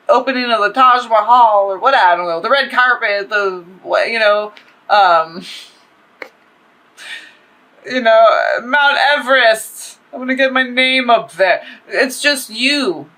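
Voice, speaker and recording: A woman giving a casual tarot reading, talking in a rambling, profane and animated way. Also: fairly high pitch, poor audio. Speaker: tarot reader.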